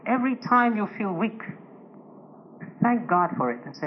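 A man preaching a conversational sermon to a congregation, telling personal stories gently and with humor, chuckling now and then. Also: high-pitched, lively intonation, moderate pace. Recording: dull lo-fi recording with faint noise.

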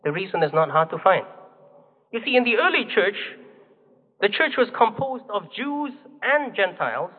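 Male preacher, high-pitched, deliberate and emphatic, recorded in a hall with long echo. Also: big pitch swings. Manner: measured, emphatic teaching with rhetorical questions. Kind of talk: sermon. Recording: phone-like, long hall reverb.

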